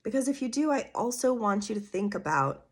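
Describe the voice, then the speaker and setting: A woman's voice: on the high side, expressive, a little fast, breathy edge. Woman doing a solo astrology podcast, earnest coachy tone, lots of casual asides and questions. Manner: casual with fillers like "vibe" and "you know".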